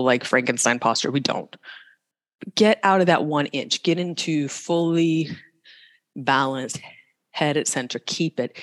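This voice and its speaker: A yoga teacher giving live cues in a studio with a long reverb tail. The speech is casual and joking between breath and pose counts, at a mid pitch. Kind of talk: live class instruction.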